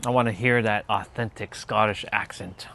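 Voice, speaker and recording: A man's voice: fairly low pitch, normal speed, a little hiss or hum. Rambling man chatting with viewers. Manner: rambling, relaxed, many fillers. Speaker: spiritual livestream host. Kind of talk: casual chat with viewers.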